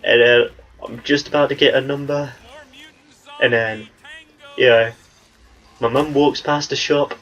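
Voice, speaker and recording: A man's voice: mid-range voice, steady tone, a little slow, long pauses, a bit bright, muffled recording, faint music behind. A young man with an English accent, talking in a rambling, chatty way as he commentates on his gameplay. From England. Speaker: gaming channel host.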